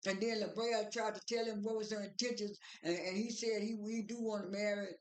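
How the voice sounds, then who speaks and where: A woman's voice: mid-range voice, steady tone, fairly quick. Rambling woman recapping in an echoey room. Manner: rambling, many fillers and restarts, retells dialogue. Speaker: reality TV recap vlogger. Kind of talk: casual episode recap. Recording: roomy echo.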